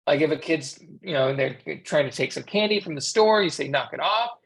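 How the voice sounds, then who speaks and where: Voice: mid-range voice, lively intonation, fairly quick, creaky. Conversational American voice interpreting a class. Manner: conversational teaching, rhetorical questions to the class. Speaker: sign language interpreter voicing an ASL instructor.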